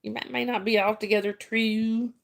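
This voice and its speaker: A woman's voice: a little high, flat delivery, normal speed, gravelly. A woman hosting a casual livestream, chatting with viewers, greeting them by name and laughing often. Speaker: livestream host.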